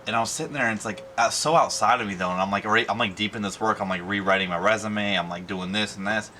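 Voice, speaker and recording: Low-voiced young man rambling emotionally. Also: quick pace, bright, forceful tone, slight background noise. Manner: rambling, emotional, many fillers and restarts. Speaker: vlogger. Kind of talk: casual personal vlog.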